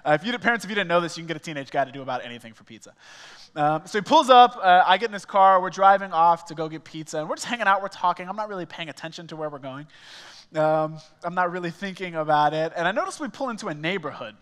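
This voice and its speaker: A male small groups pastor telling a personal story in a sermon, animated and casual, acting out the dialogue. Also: high-pitched, fast talker, clear, resonant tone, in a large hall. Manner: animated, acts out quoted dialogue, frequent "like" fillers. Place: church auditorium.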